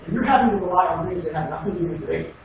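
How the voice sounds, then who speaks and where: A man's voice: high-pitched, very fast, gravelly, highs cut off. A man giving a casual classroom lecture on debate, wry and sarcastic, sometimes mocking students in put-on voices. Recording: echoey room from far off, noisy.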